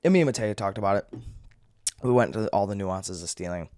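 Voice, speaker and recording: Young guy ranting about a store fight, swears a lot, lowish voice, dry sound. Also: a little fast, no room sound. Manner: profane, animated, acts out yelling in quotes. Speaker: vlogger. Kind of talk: casual storytelling rant.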